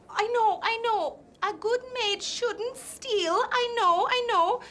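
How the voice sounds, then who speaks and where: A woman's voice: very high-pitched, fairly bright tone, full character voice. A woman playing a fretful, chatty maid who pleads and confides, repeating herself in a comic TV sketch.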